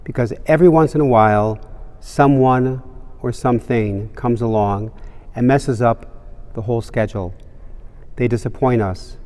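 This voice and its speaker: Priest preaching in a reverberant cathedral. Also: male voice, mid-range voice, measured pace, a little mellow. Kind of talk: homily with a joke.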